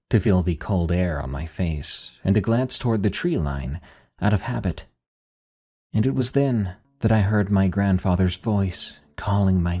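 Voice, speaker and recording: Deep dark-voiced horror narrator man. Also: slightly rough. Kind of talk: scripted first-person horror narration. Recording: faint music behind.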